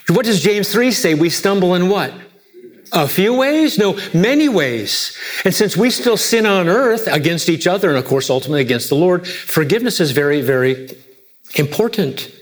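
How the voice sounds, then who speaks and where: A man preaching a sermon, emphatic, asking rhetorical questions and swinging between soft low lines and raised high ones. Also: animated, normal speed. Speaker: pastor.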